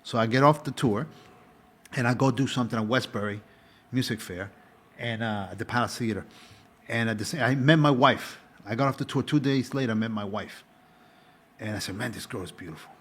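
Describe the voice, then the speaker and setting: Husky man rambling through his story. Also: medium pitch, fairly quick, pauses often. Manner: rambling, restarts often, chatty. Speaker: guest, former stage actor. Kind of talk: conversational interview answers.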